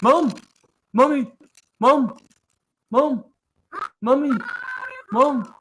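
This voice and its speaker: A man doing an old video of quick-fire cartoon voice impressions, jumping between exaggerated characters. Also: very high-pitched, slight background noise, pitched above the performer's own voice, heavily acted, low-quality recording. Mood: zany impressions.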